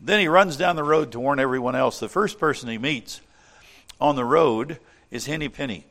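A man reading a children's story aloud in an animated way, then speaking earnestly about faith and leading a prayer. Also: medium pitch, moderate pace, creaky. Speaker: storyteller and preacher.

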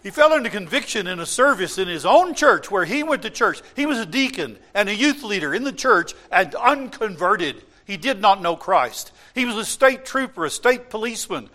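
A man preaching a sermon in a church, swinging from loud impassioned cries to quiet asides. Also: sits high, sing-song, normal speed, few pauses. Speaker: pastor.

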